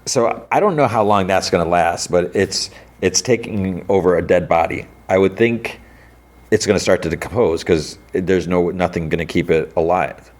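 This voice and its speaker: A man hosting a podcast, casually retelling a TV episode in a rambling way with lots of filler words and quick imitations of the characters. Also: low-pitched. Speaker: podcast host.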